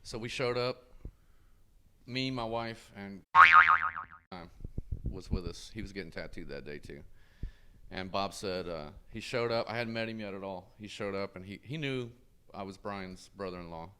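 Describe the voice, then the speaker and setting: A man's voice: deep voice, moderate pace, pauses often, a bit bright, slight background noise. A man telling a story as a podcast guest in a laid-back, casual way, swearing and using "dude" and "like" a lot.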